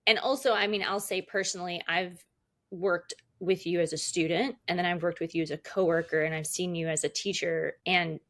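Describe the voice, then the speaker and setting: A woman's voice: lowish voice, steady tone, a little fast. A woman co-hosting a podcast, reading a prepared passage aloud and then chatting casually with her guest. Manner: reads a prepared passage, then chats warmly with laughs. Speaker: podcast co-host.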